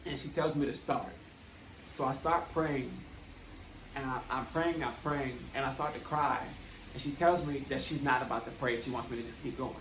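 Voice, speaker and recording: A man's voice: medium pitch, fairly even intonation, moderate pace, a bit bright, echoey room, recorded from a distance, a little hiss or hum, low-quality recording. A man earnestly telling a personal testimony in a conversational way, often checking in with his listeners. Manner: earnest, conversational, tags with "right?". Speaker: vlogger.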